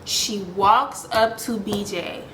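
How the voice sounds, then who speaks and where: A woman in her twenties telling a story to camera in a casual, slangy, animated way, talking to viewers as y'all. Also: mid-range voice, slow, echoey room, background noise. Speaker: storytime vlogger.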